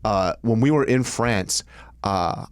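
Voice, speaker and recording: A man's voice: lowish voice, slow, clean tone, no room sound, clean studio sound. A man co-hosting a podcast, laughing often, swearing and telling stories in casual banter. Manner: laughing, profane, storytelling. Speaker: podcast co-host.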